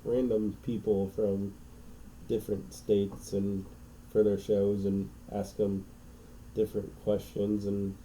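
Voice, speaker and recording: A man's voice: lowish voice, monotone, slow, mellow, slight background noise, rough recording. A man co-hosting a podcast, telling a rambling story in casual chat and checking in with "right?" as he goes. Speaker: podcast co-host.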